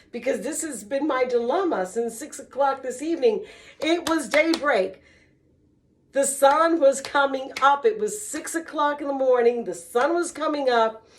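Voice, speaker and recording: A woman slowly telling a personal story in an earnest, testimonial way, breaking into small religious exclamations. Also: high voice.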